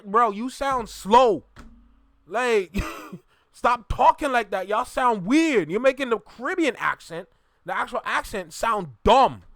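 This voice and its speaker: High, bright Jamaican man reacting. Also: no echo, studio quality. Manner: animated, repeats himself, talks to viewers directly. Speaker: reaction video host. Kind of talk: casual reaction commentary.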